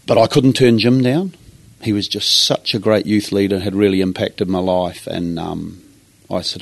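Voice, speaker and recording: Earnest New Zealand pastor, low and dry. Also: male voice, normal speed, gravelly, dry recording. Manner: earnest, animated when acting out his younger self. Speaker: pastor, guest. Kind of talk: personal storytelling. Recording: dry close sound.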